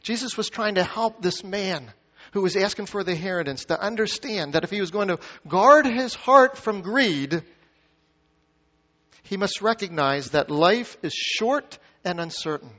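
A pastor with a high, lively voice preaches a sermon at a measured pace in a fairly bright tone, reading scripture aloud and putting questions to the congregation. The sound is muffled, with long hall reverb.

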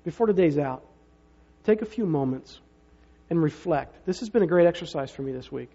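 High-voiced man preaching in an echoing hall. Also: animated, a little fast, dark tone. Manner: conversational storytelling with rhetorical asides. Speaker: pastor. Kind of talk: sermon. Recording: reverberant hall, dull lo-fi sound.

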